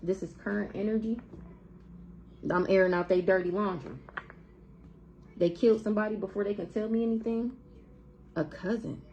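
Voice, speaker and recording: A woman's voice: mid-range voice, steady tone, normal speed, long pauses, highs cut off, a little hiss or hum. A woman with giving a blunt, profane, heated tarot reading to camera in a casual monologue. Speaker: tarot reader.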